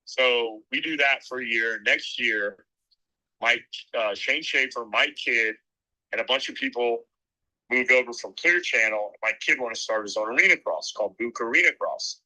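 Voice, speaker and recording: A man's voice: mid-range voice, moderate pace, pushed and bright, rough recording. A middle-aged man who works as a race announcer, telling rambling anecdotes in a casual interview and acting out the lines he quotes.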